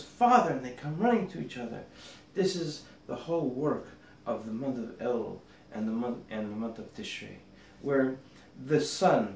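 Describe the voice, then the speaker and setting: A man, a rabbi, teaching a meditation by gently telling a parable. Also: medium pitch. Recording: roomy echo, distant mic, faint noise.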